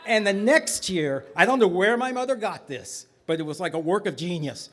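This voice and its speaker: A man from Texas telling a comic story on stage with an animated, exaggerated delivery. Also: sits high, moderate pace.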